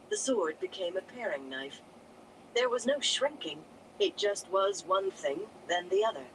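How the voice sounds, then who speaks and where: Fantasy audiobook narrator, steady storytelling, animated pitch, vehicle noise behind. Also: a little slow, rough recording.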